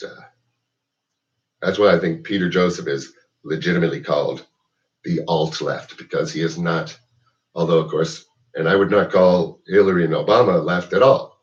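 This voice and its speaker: A deep-voiced man rambles through a political rant, filling gaps with "like" and swearing freely. He sits back from the mic, and the sound is distant and muffled. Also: fairly even intonation, moderate pace. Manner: rambling, profane, heavy with "like" and "you know". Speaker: host.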